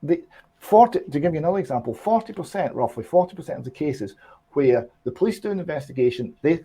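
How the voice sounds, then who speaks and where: A man's voice: mid-range voice, mellow, slightly rough. A man on an online discussion show, explaining and building his argument step by step with emphasis. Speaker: political commentator.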